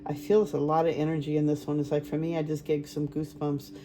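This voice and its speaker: A woman with a low, mellow voice speaks quickly and with little change in pitch, over slight background noise. Acting as a spiritual medium, she gives a group card reading, rambling casually with lots of fillers and restarts.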